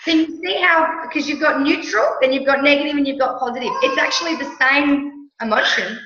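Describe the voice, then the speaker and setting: A middle-aged Australian woman coaching with emphatic, animated talk, often checking in with her listener. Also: high-pitched, brisk, slight background noise. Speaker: mentor and coach. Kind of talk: motivational coaching chat. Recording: echoey room, dull lo-fi sound.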